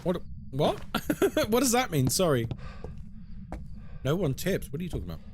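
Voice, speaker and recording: Against background noise, a young British man with a high voice speaks at normal speed. He's a horror game streamer chatting casually in British English, lively and talkative, reading chat aloud and replying to it.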